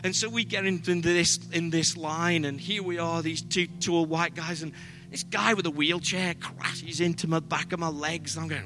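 A man's voice: on the high side, steady tone, moderate pace, music in the background. An English man preaching a sermon, telling humorous, self-deprecating travel stories to his congregation. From Britain. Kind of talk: sermon with storytelling.

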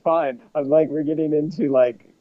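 A man's voice: fairly high pitch, steady tone, normal speed. Playful laid-back man on a lo-fi call. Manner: playful, laid-back, says "bro" a lot. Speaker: podcast co-host. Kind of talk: casual chat. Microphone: video call. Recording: lo-fi online call audio.

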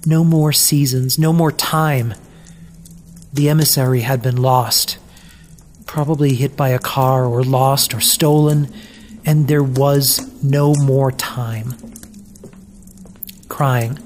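A storybook narrator reading aloud gently and deliberately, with mournful pauses. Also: medium pitch, fairly even intonation, slight background noise.

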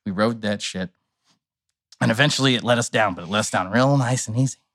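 A man's voice: on the low side, a little fast. A man telling a wild story on a podcast in casual, profane talk, acting out what people said. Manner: animated, profane storytelling with acted-out quotes. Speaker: podcast guest.

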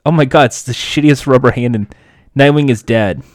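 A man's voice: mid-range voice, moderate pace, no echo, studio quality. A man giving a sarcastic, joking recap of a show, full of swearing and asides.

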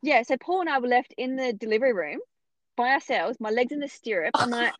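A young woman telling a personal story in casual chat, acting out the other voices with big jumps in pitch. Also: lively intonation, fairly quick, a loud crowd. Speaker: podcast guest telling her birth story.

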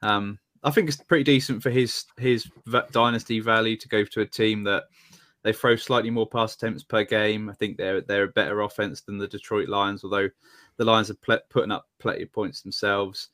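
A man's voice: on the low side, fairly even intonation, normal speed, a bit bright. A man co-hosting a sports podcast, talking through his views in an easygoing way. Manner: easygoing, analytical, with repeated words. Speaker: podcast co-host. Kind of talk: casual podcast chat.

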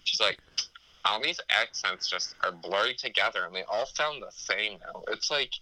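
A man co-hosts a podcast in crude, joking chat, swearing freely as he riffs. His voice sits on the low side but has a bright, sharp edge. The recording is dry and close. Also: expressive, no echo, rough recording. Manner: profane, joking, riffs with quick laughs. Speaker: podcast co-host.

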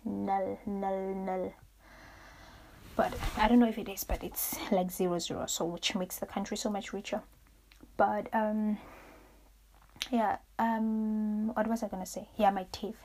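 A young adult woman hosting a reflective solo podcast, rambling through her thoughts, searching for words and growing animated as she recounts stories. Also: medium pitch, a little slow, pauses often, slight background noise. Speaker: podcast host.

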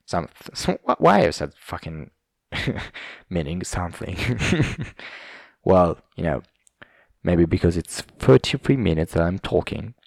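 A man rants on his own podcast in a casual, swearing, rambling way, mocking himself as he goes. His voice is fairly low and gravelly with fry, and his pitch swings widely. The sound is close and dry. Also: very animated, takes it slowly, darkish tone, no echo. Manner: profane, rambling, self-mocking. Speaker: podcast host.

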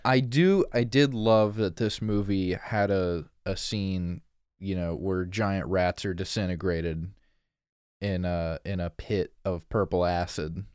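A man's voice: sits low, steady tone, slow, darkish tone, clear, resonant tone, no echo. A man co-hosting a movie podcast, talking in a laid-back, dry way and swearing casually. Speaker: podcast co-host. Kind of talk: casual movie review chat.

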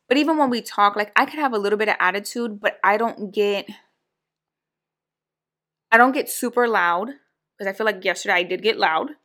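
A woman's voice: mid-range voice, a little fast, pauses often. A young woman telling a story in casual chat, acting out what people said. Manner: animated, acts out quoted voices. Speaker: podcast co-host.

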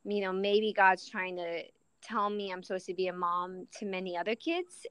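Woman in her thirties, mixed Southern and Midwestern accent, smooth clear voice, dry sound, chatty guest. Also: medium pitch, no echo, poor audio. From southern US, Florida. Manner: chatty storyteller, laughs easily. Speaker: interview guest. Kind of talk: casual interview.

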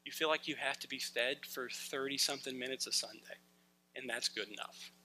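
A middle-aged male pastor giving an animated sermon to a congregation, sometimes shouting as he acts out scenes. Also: mid-range voice, brisk, slight background noise, rough recording.

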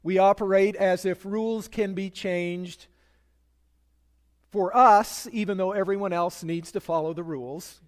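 A man preaching a sermon as pastor, measured and emphatic, leading prayer and telling stories. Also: high-pitched, fairly even intonation, in a large hall.

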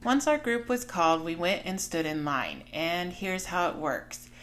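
Podcast host, woman, 40s; candid personal storytelling, slightly low pitch, frank. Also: big pitch swings, measured pace, fairly bright tone.

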